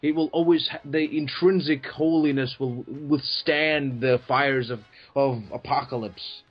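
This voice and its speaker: A man co-hosting a casual comic book talk, excitable, swearing and making grand sweeping statements. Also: mid-range voice, unhurried, slightly rough, soft background music. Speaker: podcast co-host. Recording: dull lo-fi recording.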